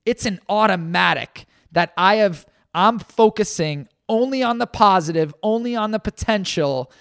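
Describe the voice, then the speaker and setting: Earnest high-voiced man, dry studio. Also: a bit bright, no echo. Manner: earnest, emphatic, repeats phrases for stress. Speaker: podcast co-host. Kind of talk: casual podcast talk.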